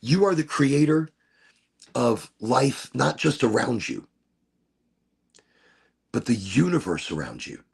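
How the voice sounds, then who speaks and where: Gravelly, husky man rambling playfully. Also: mid-range voice, sing-song, slow pace, long pauses. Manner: rambling, playful, self-amused. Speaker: podcast host. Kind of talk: casual stoned monologue.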